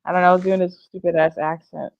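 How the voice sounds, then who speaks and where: A woman in casual livestream chat, slangy and swearing, her voice often trailing off quietly. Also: fairly low pitch, little pitch movement, fast talker, creaky, dull audio.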